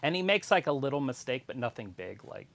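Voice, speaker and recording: A man co-hosting a live wrestling watch-along stream, chatting casually and telling animated stories with plenty of swearing. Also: mid-range voice, fast, vocal fry. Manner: animated storyteller, swears freely, sings off-key snippets.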